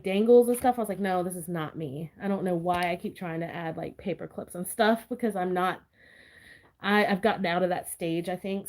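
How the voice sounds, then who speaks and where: A hoarse, out-of-breath woman chatting casually to her viewers as she works on a planner, drifting into soft mumbles. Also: lowish voice. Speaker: planner vlogger.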